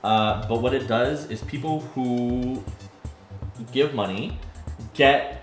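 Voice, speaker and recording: A man's voice: mid-range voice, takes it slowly. Eager man co-host in a roomy room. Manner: eager, rambling explanations. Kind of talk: casual chat. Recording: roomy sound with faint music.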